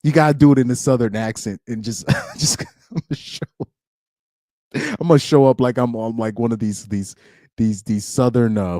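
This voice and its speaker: This is a young man hosting a live-streamed podcast, chatting casually in a warm, mid-range voice. He rambles and laughs often between loose, filler-heavy sentences, recorded with clean studio sound and no room echo.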